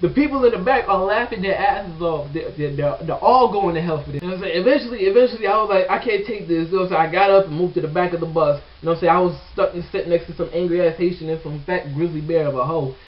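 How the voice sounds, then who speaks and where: A young man with a high voice tells a rambling, profane story, packed with fillers and asides. He sounds set back from the mic, and the recording is dull and lo-fi. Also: fast talker, hardly any pauses. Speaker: vlogger. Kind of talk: casual storytelling. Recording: distant, dull lo-fi webcam sound.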